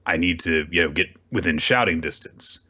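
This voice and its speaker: A man's voice: low-pitched, normal speed, bright, forceful tone, husky, highs cut off. A man hosting a casual recap show, talking animatedly with bursts of swearing and voiced character lines. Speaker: podcast host. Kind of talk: casual manga recap chat.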